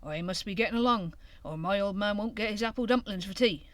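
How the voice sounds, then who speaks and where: A woman's voice: medium pitch, brisk, no room sound, natural voice. A woman doing a weary old mother hedgehog. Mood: chiding. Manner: homely rustic speech, tired grunting.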